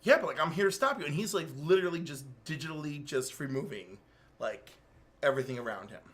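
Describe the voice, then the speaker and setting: High, animated man recapping a comic. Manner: animated, acts out characters' lines in quick voices. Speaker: podcast co-host. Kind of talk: casual comic book recap.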